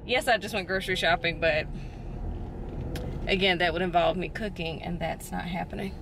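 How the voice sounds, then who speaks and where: A woman's voice: on the low side, fairly even intonation, normal speed. A woman, chatting frankly and casually to the camera in a vlog, swearing freely. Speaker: vlogger. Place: in a car. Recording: clear car road noise.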